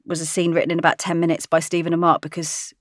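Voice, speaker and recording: A woman's voice: on the low side, quick pace, dry recording. Chatty, laughing woman, dry sound. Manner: chatty, laughs often, animated storytelling. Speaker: actress. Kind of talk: casual interview chat.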